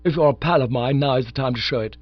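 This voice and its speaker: A man voicing a bumbling, lovesick young English gentleman who gushes and pleads, in a dull, dry recording. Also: medium pitch, fast talker, no echo, soft background music, voice pushed up, natural voice. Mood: eager pleading. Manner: gushing, pleading.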